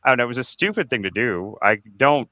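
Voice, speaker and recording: A man's voice: mid-range voice, expressive, fast talker, bright, forceful tone, no room sound, muffled recording. A man in his forties hosting a casual group podcast, telling stories candidly and rambling through restarts, cursing when he gets worked up. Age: 40s. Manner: candid, rambling confessional storytelling with many restarts; swears freely when reliving anger. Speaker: podcast host.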